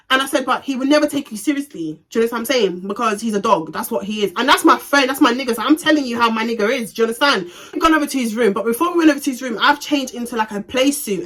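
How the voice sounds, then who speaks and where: A young woman telling a storytime on her vlog in a casual, animated, slangy way with plenty of swearing. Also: on the high side. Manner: animated, profane, slangy retelling. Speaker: vlogger.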